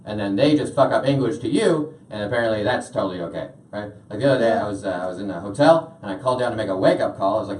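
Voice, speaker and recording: A man's voice: lowish voice, animated, rapid-fire, few pauses, darkish tone. A young man doing a stand-up set, rambling with lots of filler uhs. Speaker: stand-up comedian. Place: small washroom used as a stage. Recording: echoey room, voice from far off.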